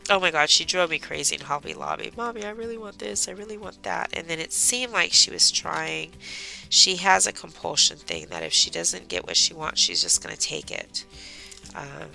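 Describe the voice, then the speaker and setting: A woman's voice: sits low, creaky, sharp tone. A middle-aged woman chatting casually while she crafts, telling a rambling story about her daughter as host of a craft livestream.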